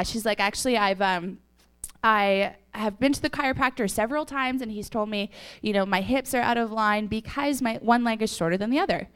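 A woman's voice: a little high, a little fast, a bit bright, clean tone. A young woman giving a casual testimony to a church audience, telling stories chattily with laughs and fillers, a little sniffly. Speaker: church speaker.

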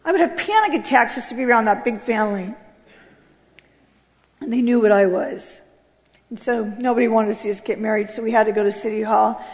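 A high-pitched woman from California tells her life story with raw feeling. She jumps from loud bursts to near-whispered lows, and her voice rings out with a long hall echo. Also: a little fast. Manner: animated, swings between loud outbursts and hushed low passages. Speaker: speaker giving a personal testimony. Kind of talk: emotional storytelling testimony.

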